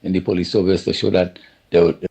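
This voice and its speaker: A caller with a low, gravelly, husky voice rants on air, rambling and indignant. His tone sounds dark and heavy. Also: level tone, fast. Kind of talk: phoned-in political rant.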